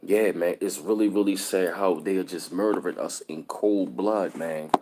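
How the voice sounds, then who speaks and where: A man's voice: low-pitched, moderate pace, dark tone, a little hiss or hum. A man hosting a casual live stream, upset and somber, repeating himself and greeting viewers mid-sentence. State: upset and disturbed.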